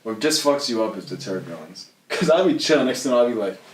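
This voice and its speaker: A man's voice: lowish voice, lively intonation, fast. Young man chatting from off-mic. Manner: casual, slangy, chimes in with reactions. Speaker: podcast co-host. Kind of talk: casual chat. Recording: echoey, distant mic with background noise.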